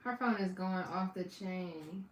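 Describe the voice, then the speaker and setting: A woman hosting a watch party, giving casual reaction commentary and repeating phrases between loud outbursts and quiet asides. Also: lowish voice, a little slow. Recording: echoey room, far from the mic.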